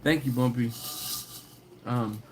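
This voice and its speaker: A man chats casually on a live stream, his pitch sitting in the middle of the range. He tells stories with laughs and mimics the people he quotes. A faint hum stays under his voice. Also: fairly even intonation, takes it slowly. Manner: storytelling, laughs often, acts out quoted people in a higher voice. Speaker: host of a live barbecue channel stream.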